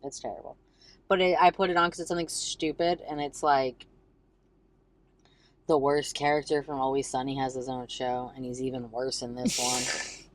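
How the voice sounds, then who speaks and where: A woman in her forties talks through a casual podcast chat with a notably deep voice. She rambles from story to story, leaning on fillers and swearing freely. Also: flat delivery, moderate pace. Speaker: podcast co-host.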